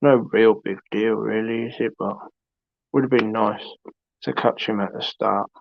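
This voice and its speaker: A man's voice: fairly low pitch, fairly even intonation, normal speed, vocal fry, no echo. A man hosting a live stream, chatting casually and rambling as he greets viewers by name. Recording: dull lo-fi stream audio.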